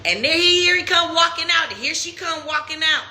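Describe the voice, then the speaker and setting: Bright, animated woman telling a story. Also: moderate pace. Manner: animated, acts out quotes in a mocking high voice. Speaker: Instagram live host. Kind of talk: casual storytelling. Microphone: phone.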